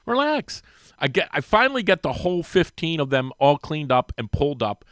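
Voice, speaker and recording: A man, a regular guest on a sports radio show, telling a long animated story and acting out the voices of the people in it. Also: a little fast, no room sound, clean studio sound. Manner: lively storyteller, acts out quoted voices with big pitch jumps. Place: radio studio. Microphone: studio microphone.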